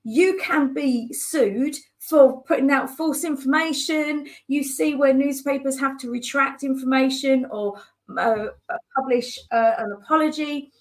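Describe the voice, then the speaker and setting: A woman business coach telling stories in a conversational way, animated and acting out the voices of people she quotes. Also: high voice. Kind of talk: conversational storytelling.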